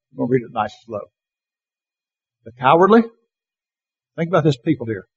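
A man leads a Bible class, reading verses slow and emphatic and quizzing the room. His voice is rough and gravelly with a husky edge. The recording sounds dull and muffled. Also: fairly high pitch. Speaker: Bible teacher. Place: classroom or church hall with slides.

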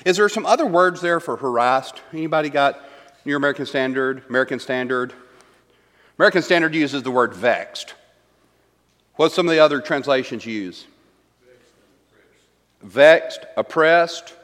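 A man's voice: mid-range voice, normal speed, pauses often, fairly bright tone. A man teaching a Bible study class. He reads verses aloud and puts questions to the group. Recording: long hall reverb.

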